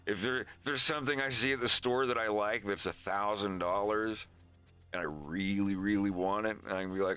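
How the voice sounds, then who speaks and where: A man's voice: on the low side, steady tone, normal speed, pushed and bright, clean tone, faint music behind. A man streaming, chatting casually and loosely, with profanity, as he gives advice. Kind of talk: casual rambling stream chat.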